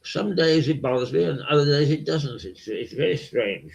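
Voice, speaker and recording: An older man from hosting a local webcast, talking in a slow, rambling, croaky voice full of fillers. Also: a little high, animated, darkish tone. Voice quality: croaky, gravelly voice. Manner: slow, halting, many fillers and repeats. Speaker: local TV host. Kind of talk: rambling casual monologue. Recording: dull lo-fi webcast audio.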